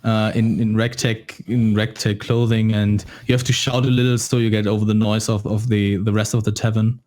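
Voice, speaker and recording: A man narrating a tabletop game as dungeon master, lively and often laughing. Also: fairly low pitch, normal speed.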